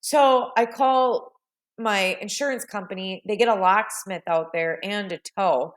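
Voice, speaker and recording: A woman's voice: mid-range voice, a little slow. Chatty self-mocking woman telling a story. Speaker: vlogger. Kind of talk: casual storytelling voice-over.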